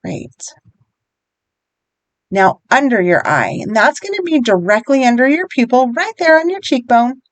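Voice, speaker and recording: A woman gently guides listeners through a tapping routine, one encouraging step at a time. Her voice sits a bit high and moves with lively melody at an unhurried, slow pace. The sound is close and dry. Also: no echo. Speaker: EFT wellness guide.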